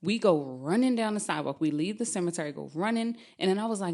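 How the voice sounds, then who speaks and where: A young adult woman telling a true spooky story on a podcast, lively and often laughing as she talks. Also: fairly low pitch, fairly quick, hardly any pauses.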